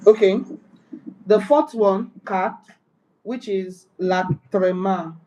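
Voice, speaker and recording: A woman's voice: medium pitch, takes it slowly, warm tone, muffled recording. A woman learning French as a beginner, reading out accent rules and carefully repeating words after her tutor. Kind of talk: beginner language lesson practice.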